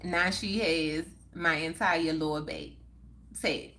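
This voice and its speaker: Hosting a live stream, this middle-aged woman chats easily and reads comments from viewers aloud, breaking into laughter often. Her low voice is pushed and bright with fairly even intonation, and there's a little hiss or hum in the audio. She stretches her words out at a leisurely pace.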